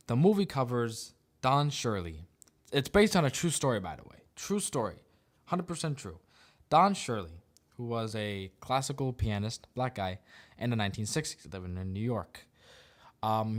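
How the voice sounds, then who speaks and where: A male podcast host talks through his opinions in a loose, casual way. His voice sits at an ordinary pitch but leaps up and down a great deal as he turns sarcastic. He laughs often between points.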